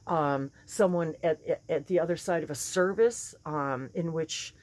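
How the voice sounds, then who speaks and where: A woman with a slightly hoarse morning voice, giving a casual spiritual talk, chatty and laughing often, with many fillers and restarts. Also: sits low, measured pace, a little mellow. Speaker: spiritual channeler and teacher.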